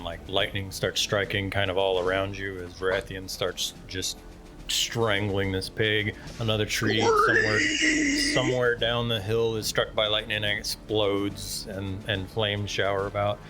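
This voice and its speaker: A man's voice: on the low side, flat delivery, moderate pace, bright, forceful tone, soft background music. A man narrating a tabletop game as dungeon master, in casual chat.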